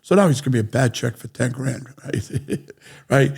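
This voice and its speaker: A man with a New England accent, a real estate developer telling animated stories in a podcast interview and acting out the lines of the people in them. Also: mid-range voice, moderate pace, creaky, slightly rough.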